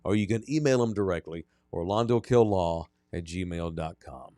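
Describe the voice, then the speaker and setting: A man hosting a sports podcast in casual chat, loud, joking and quick to exclaim. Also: deep voice, no echo, clean studio sound. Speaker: podcast host.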